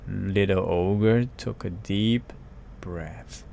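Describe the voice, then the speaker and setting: Man, picture book read-aloud, very slow, low voice, careful. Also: darkish tone, a little hiss or hum. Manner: slow, careful reading with sound effects. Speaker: storyteller.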